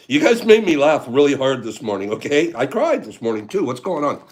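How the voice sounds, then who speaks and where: A man's voice: on the high side, very animated, normal speed, a little hiss or hum. A man hosting a casual livestream, joking with viewers, laughing often and greeting the chat by name. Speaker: livestream host.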